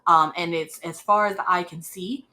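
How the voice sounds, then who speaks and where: A woman running a tabletop role-playing game as game master, narrating slowly with many fillers and restarts. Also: on the low side, steady tone, pushed and bright, rough recording.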